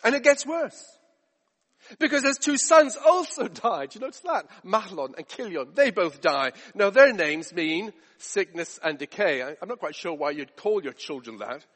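A man's voice: sits high, animated, moderate pace, a bit bright, big-room sound. A man preaching a sermon, emphatic with rhetorical questions and repetition.

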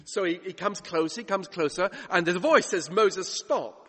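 A man's voice: high voice, a little fast, bright, forceful tone. A man preaching a sermon, retelling scripture dramatically and acting out the voices he quotes. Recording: long hall reverb.

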